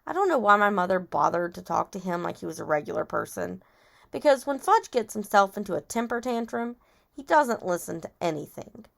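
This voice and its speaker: Woman teacher, read-aloud lesson, asks the class questions, gravelly voice. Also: mid-range voice, big pitch swings, brisk. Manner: questioning, explains words to children. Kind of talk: reading a chapter book aloud with vocabulary lessons.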